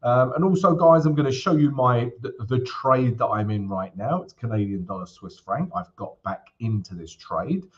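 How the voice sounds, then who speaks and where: Speaking at a moderate pace with hardly any pauses, this man has an animated mid-range voice, captured in dull audio. He hosts a live trading stream, chatting cheerfully as he goes over charts, says hello to viewers and keeps tossing in "right?".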